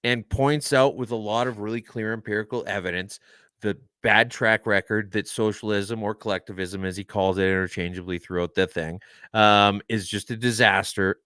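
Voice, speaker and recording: Male co-host, sarcastic and dry in delivery, smooth voice with a dry sound. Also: on the low side, a bit bright, no room sound. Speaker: podcast co-host. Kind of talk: casual chat.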